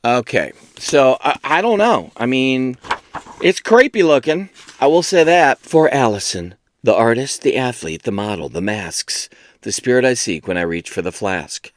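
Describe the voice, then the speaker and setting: A man's voice: mid-range voice, lively intonation, measured pace, slight background noise. A man hosting a book video, rambling and joking at his own expense in casual chat. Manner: rambling, self-mocking and jokey. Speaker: booktube host.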